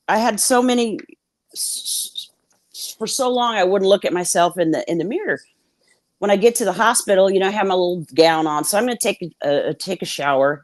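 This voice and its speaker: A woman's voice: mid-range voice, dry recording. Blunt, swearing woman with a dry, close sound. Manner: blunt, swears freely, acts out quoted dialogue. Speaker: guest. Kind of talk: candid storytelling in a conversation.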